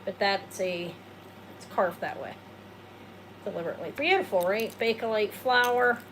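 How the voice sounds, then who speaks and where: A woman's voice: mid-range voice, moderate pace, a bit bright, a little hiss or hum, poor audio. A woman hosting a live jewelry sale, talking in a chatty, rambling way, answering viewers and joking at her own expense. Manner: self-deprecating, jokes and laughs. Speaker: host selling jewelry live. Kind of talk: casual live sales chat.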